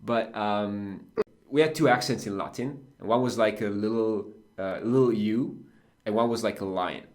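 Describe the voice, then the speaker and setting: Italian guy teaching italian on a podcast, kinda low voice, lots of ums while explaining. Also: normal speed. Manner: explanatory, with fillers and restarts. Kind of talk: casual language podcast lesson.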